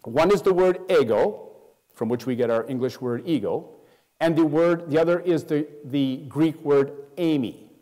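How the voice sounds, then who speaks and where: A man preaching a sermon as pastor, emphatic, dropping soft and low to stress his points. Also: moderate pace, long reverb tail. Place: church.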